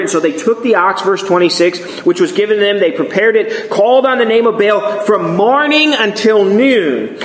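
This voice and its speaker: An earnest preacher delivers a sermon, his fairly high voice ringing through a reverberant church room. He retells scripture with drama and restarts words as he goes. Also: very animated, moderate pace, hardly any pauses. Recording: echoey room.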